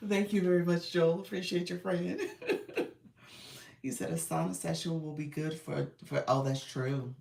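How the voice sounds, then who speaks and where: A middle-aged woman hosting a casual live stream, congested and clearing her throat, chatting and laughing with her viewers. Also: low-pitched, fairly even intonation, normal speed, darkish tone, reverberant, recorded from a distance. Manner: chatty, laughs often, addresses viewers as y'all. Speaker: live stream host and creator coach.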